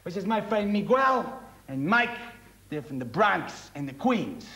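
A man's voice: high voice, very animated, unhurried, bright, forceful tone, full character voice. A man playing a brash, impatient old American conductor in his sixties who scolds and mocks in bursts, in a comic sketch. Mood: bossy. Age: 60s. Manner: bossy, scolding, mocking outbursts. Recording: echoey stage with audience laughter.

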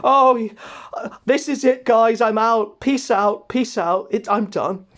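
A man's voice: very high-pitched, slow, a bit bright, pitched above the performer's own voice, heavily acted. A man putting on a panicking, whiny young man who pleads breathlessly. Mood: panicked.

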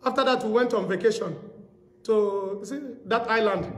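Pastor, male, high-pitched storytelling sermon, echoey hall sound. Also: moderate pace. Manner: storytelling preacher, repeats phrases for emphasis.

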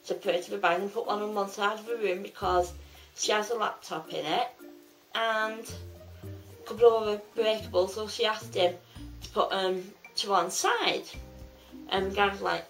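A woman's voice: medium pitch, moderate pace, soft background music, poor audio. A woman vlogger telling a story casually, rambling and restarting with plenty of fillers.

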